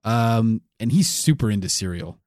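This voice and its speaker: A man's voice: lowish voice, expressive, normal speed, darkish tone, no room sound, clean studio sound. A man co-hosting a comedy podcast, telling a rambling, crude and absurd improvised story.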